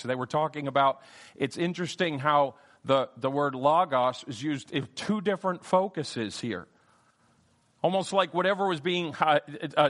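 A man preaching a verse-by-verse Bible lesson with a somewhat high voice. He hammers on key phrases, repeating them and letting his voice leap and drop for emphasis. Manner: emphatic, repeats key phrases, wide swings in pitch and loudness. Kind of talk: Bible teaching sermon.

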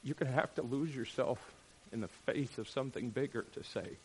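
Animated man preaching a sermon. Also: medium pitch, a little fast, a little hiss or hum. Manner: animated, rhetorical questions, frequent "right?". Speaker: pastor.

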